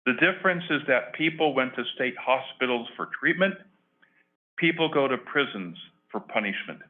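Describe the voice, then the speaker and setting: Retired guy reading his comment to the county board, earnest, slow pauses, tinny phone-like sound. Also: medium pitch, lively intonation. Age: older. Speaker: public commenter. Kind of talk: prepared public comment speech. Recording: phone-like lo-fi meeting audio.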